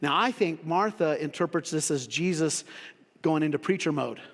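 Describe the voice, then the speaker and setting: A man preaching a sermon as pastor in a church, conversational, acting out quotes in sudden high voices. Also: lively intonation, moderate pace. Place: church sanctuary. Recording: long reverb of a church hall.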